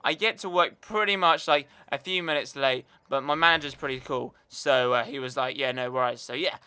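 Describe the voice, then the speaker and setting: A young British man chats through a long anecdote for his gaming channel, rambling and piling on fillers. His voice is very bright and smooth, pitched a touch high. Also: moderate pace. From United Kingdom. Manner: chatty, rambling, lots of fillers. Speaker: gaming YouTuber. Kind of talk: casual storytelling over gameplay.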